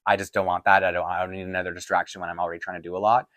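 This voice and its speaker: Man, low voice, rambling casual talk, frequent laughs, tired voice, dry room. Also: flat delivery, racing, fairly bright tone, dry recording. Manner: chatty, rambling, laughs often, frequent restarts. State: voice getting tired. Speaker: doll collecting channel host. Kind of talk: casual Q&A chat to camera. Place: home filming set-up.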